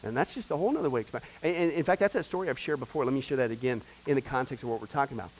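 A man teaching a discipleship class as a pastor, questioning the class and swinging from hushed to loud as he tells a story. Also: mid-range voice, animated, racing, slight background noise, poor audio. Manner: retells a story, acting out the voices in it.

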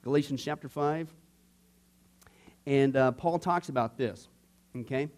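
A man's voice: medium pitch, measured pace. A man teaching a Bible class in a conversational style, checking in with "okay?" and acting out inner voices. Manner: animated, frequent "okay?" asides, acts out inner voices. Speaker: pastor teaching a discipleship class.

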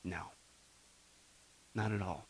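A man preaching an exhorting sermon to a congregation, swinging from loud appeals to low asides. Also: takes it slowly. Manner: animated, exhorting.

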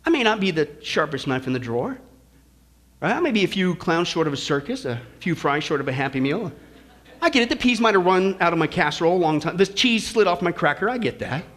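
Male preacher, folksy joking sermon delivery, high pitched and bright. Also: very animated, fast talker. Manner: folksy and joking, with shifting emphasis. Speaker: pastor. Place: church.

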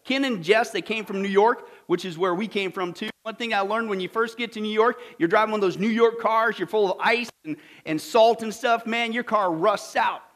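Male pastor, very high voice, animated and jokey, sermon delivery. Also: normal speed, hardly any pauses. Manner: animated, jokey, punchy exclamations. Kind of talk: sermon with storytelling.

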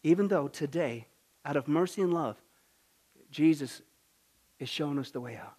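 A man preaching a sermon as a pastor, swinging from hushed asides to loud emphatic lines and often repeating "listen". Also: on the high side, normal speed.

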